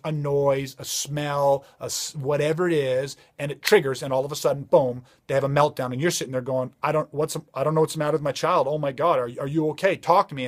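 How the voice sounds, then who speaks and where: Emphatic high-voiced male safety trainer. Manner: emphatic, repeating rhetorical questions. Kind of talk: motivational talk.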